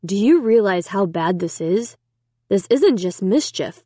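Solemn worried dad, read by a woman, slow and grave, dry close sound. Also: mid-range voice, lively intonation, dark tone, no room sound. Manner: grave, measured. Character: solemn, worried middle-aged father.

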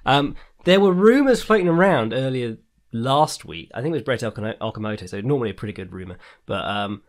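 A man's voice: mid-range voice, animated, fairly quick. A man hosting a casual fight-sports podcast, rambling and profane, often laughing at his own asides. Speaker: podcast host. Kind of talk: casual MMA commentary podcast.

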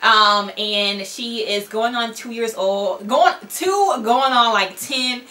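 Bright-voiced young woman vlogger. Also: fairly high pitch, slow pace. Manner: chatty, candid, lots of likes and ums. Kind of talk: casual chat to camera.

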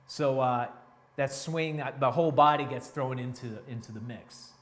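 A man teaching a drum lesson in a relaxed, step-by-step way, counting beats aloud between grooves. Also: mid-range voice, normal speed. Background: drum playing.

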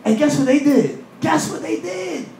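A man preaching a sermon in a church, animated, acting out voices and laughing in asides. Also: extremely high pitch, normal speed, echoey room, slight background noise, poor audio. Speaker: pastor. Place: church hall.

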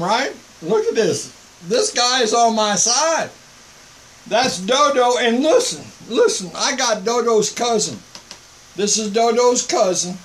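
High-voiced older man, mock-calm preaching. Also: slight background noise, low-quality recording. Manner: mock-calm, sarcastic, emphatic. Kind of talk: informal online preaching.

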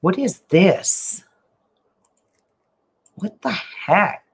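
A woman's voice: lowish voice, big pitch swings, drawn-out words, creaky, husky. A woman crafting vlogger chatting casually to the camera as she works, often muttering to herself in exasperation.

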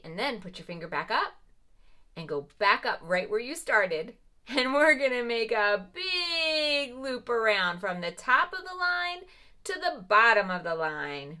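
A woman leads a preschool lesson in a bright, ringing voice that swoops up and down in big, lively pitch swings. She speaks slowly and encouragingly to small children. Her pitch sits a little high. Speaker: preschool teacher.

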